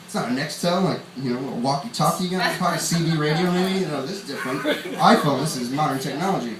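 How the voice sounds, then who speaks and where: Rambling young comedian in a roomy club. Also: male voice, a little high, quick pace, a loud crowd. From upstate New York. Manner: rambling, chuckles at his own jokes. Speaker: stand-up comedian. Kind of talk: stand-up comedy set. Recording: roomy club sound, far from mic, audience noise.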